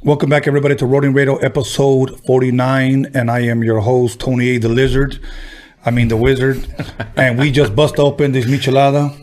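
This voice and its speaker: A man's voice: medium pitch, little pitch movement, brisk, a little mellow. Joking, crude male podcast host. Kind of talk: casual podcast hosting.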